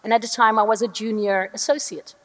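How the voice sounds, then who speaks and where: A middle-aged woman from the Netherlands, an employment lawyer telling a personal story on a conference panel, earnest and reflective with thoughtful pauses. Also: on the high side, steady tone, a bit bright. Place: large conference hall. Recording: echoey conference hall.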